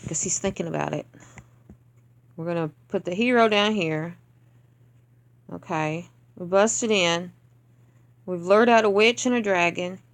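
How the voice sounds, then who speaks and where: A woman's voice: on the low side, unhurried, pauses often. A woman leading a gaming clan, giving casual commentary over gameplay in a blunt, exasperated rant. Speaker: clan leader reviewing game attacks.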